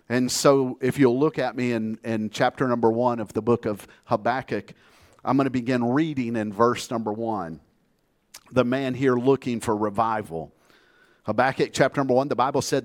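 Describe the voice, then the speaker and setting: A man's voice: medium pitch, moderate pace, darkish tone. A man from the United States preaching a sermon, telling a story in a plainspoken, earnest way and calling the congregation to say amen. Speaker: pastor.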